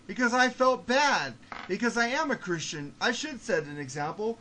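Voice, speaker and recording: A man hosting a podcast, swearing constantly and ranting with excitable energy. His voice sits a bit high for a man, and there is a faint noise under the recording. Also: normal speed. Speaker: podcast host. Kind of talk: casual podcast chat.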